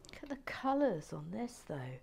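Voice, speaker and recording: A woman chatting casually to a live stream as she builds a kit, often dropping to a soft whisper and muttering to herself. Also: mid-range voice, big pitch swings, moderate pace, gravelly, slightly rough. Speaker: streamer building a brick kit and reading chat.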